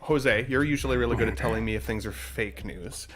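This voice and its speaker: A man's voice: mid-range voice, brisk, a bit bright. Man, stream host, upbeat, chatty, talks to his audience. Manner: upbeat, addresses the chat audience. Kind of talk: casual live-stream chat.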